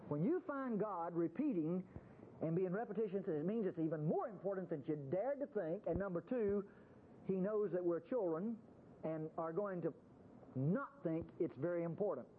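A man's voice: high voice, lively intonation, moderate pace. A man preaching a Bible-teaching sermon in a folksy, conversational way. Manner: folksy, conversational, acts out quotes in voices. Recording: tinny phone-like radio broadcast with faint hiss.

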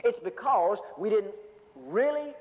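Male preacher, high voice, lively folksy sermon delivery, dull recording with long church reverb. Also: slow pace. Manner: animated, folksy storytelling with humor.

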